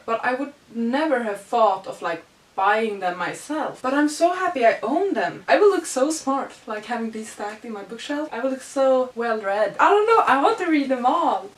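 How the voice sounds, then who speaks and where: Young woman vlogger, gushing and excitable, slightly high voice, recorded from a distance in a reverberant room. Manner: gushing, excitable, squeals and laughs. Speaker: book vlogger. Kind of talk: casual book haul chat. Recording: echoey room, mic at a distance.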